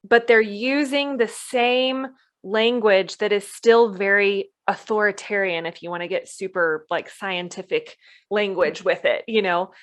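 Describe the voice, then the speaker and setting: A woman co-hosting a parenting podcast in a relaxed, conversational way. Her voice sits at an ordinary middle pitch. She keeps it chatty and now and then slips into playful voices to quote others. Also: measured pace. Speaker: podcast co-host.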